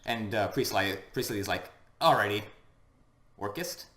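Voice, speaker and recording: A man's voice: fairly low pitch, animated, normal speed, a bit bright. A man co-hosting a podcast, recapping an anime episode in a rambling, laid-back way with lots of fillers. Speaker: podcast co-host. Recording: roomy echo.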